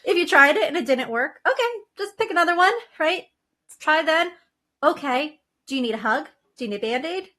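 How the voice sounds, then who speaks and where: A woman's voice: sits high, lively intonation, a little fast, bright, forceful tone. A woman guest in a casual podcast conversation over a video call, playful and laughing often as she talks.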